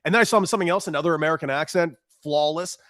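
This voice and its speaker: Bright-voiced man co-host, dry sound. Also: fairly high pitch, dry recording. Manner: enthusiastic, halting restarts. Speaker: podcast co-host. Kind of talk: casual chat. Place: home.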